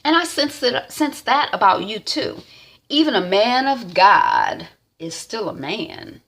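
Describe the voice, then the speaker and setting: A woman's voice: fairly high pitch, animated, slow, fairly bright tone, pitched above the performer's own voice, exaggerated voice. A woman voicing a flirtatious grown woman who is coaxing a bishop, pleading sweetly. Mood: flirty pleading.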